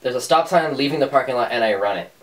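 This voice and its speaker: A man's voice: mid-range voice, lively intonation, quick pace, recorded from a distance. A young man co-hosting a podcast, telling a funny story in casual chat, laid-back and joking. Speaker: podcast co-host.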